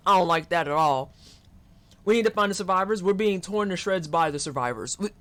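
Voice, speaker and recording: A streamer joking and swearing through commentary while playing a horror game. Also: medium pitch. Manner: joking, profane, animated. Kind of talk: live gameplay commentary.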